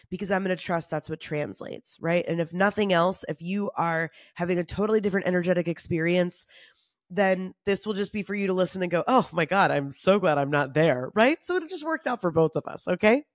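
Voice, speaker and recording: A woman's voice: lowish voice, dry recording, clean studio sound. Tired, candid woman podcasting solo. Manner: candid, confessional, with casual laughs and swearing. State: tired and run down. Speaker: podcast host.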